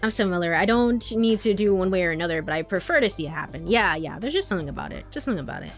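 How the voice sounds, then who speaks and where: A woman's voice: on the low side, animated, rapid-fire, soft background music. A young woman game streamer chatting casually while reading a visual novel aloud, rambling with lots of fillers and giggles.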